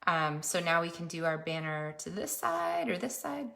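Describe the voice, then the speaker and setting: Female crafter, lower-pitched, easygoing chatty tutorial narration. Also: big pitch swings, normal speed, creaky, pushed and bright. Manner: chatty, self-narrating while working. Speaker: papercraft demonstrator.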